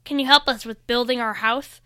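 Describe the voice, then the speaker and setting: A woman voicing a small, timid gargoyle who speaks with a high shriek. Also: fairly even intonation, moderate pace, sharp tone, no echo, studio quality. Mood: startled.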